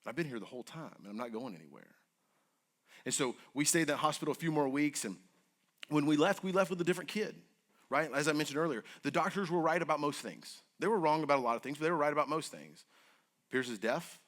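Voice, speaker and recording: A man earnestly telling an emotional personal story to an audience, his voice moving between hushed and urgent. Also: fairly high pitch, fast talker. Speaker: guest speaker.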